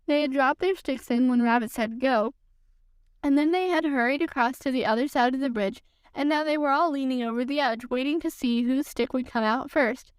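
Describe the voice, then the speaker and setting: A woman hosting a podcast, reading a children's storybook aloud in a calm, measured way. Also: sits high, clear, resonant tone, dry recording. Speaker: podcast host, reader.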